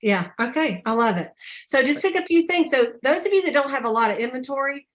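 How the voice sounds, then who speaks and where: A woman telling stories on a casual sales call, chatty and animated. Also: a little fast. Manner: chatty storyteller, acts out quotes with high voices. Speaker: sales director.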